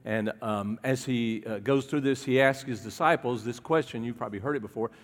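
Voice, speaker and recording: Male pastor, mid pitch, chatty sermon delivery that draws in the congregation, recorded in a reverberant hall. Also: a little fast. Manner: conversational preaching, asks the congregation questions.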